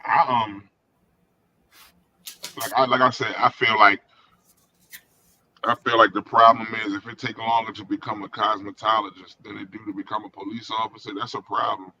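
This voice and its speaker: A man's voice: on the low side, flat delivery, moderate pace, pauses often, bright, forceful tone, highs cut off, a little hiss or hum. A man on a casual podcast, making emphatic, profane points about policing. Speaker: podcast co-host. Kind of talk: casual chat.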